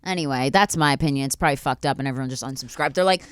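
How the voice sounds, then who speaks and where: A woman's voice: very deep voice, rapid-fire, clean tone, dry recording, clean studio sound. A woman hosting a podcast in casual chat, swearing freely and acting out children's voices. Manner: animated, swears freely, acts out kids' voices. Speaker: podcast host.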